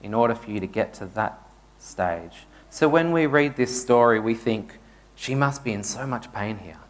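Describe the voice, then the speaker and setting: A man's voice: medium pitch, animated, moderate pace. A man, a pastor giving a conversational sermon and telling stories to his congregation in a church. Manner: conversational storytelling preacher.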